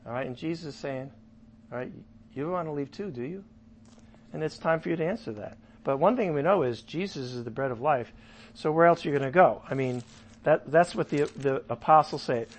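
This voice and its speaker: A man's voice: fairly high pitch, a little fast, a little hiss or hum. A man preaching a casual sermon, asking his listeners questions and joking as he teaches. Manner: animated, asks the audience questions, jokes. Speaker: pastor. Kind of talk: sermon Bible study.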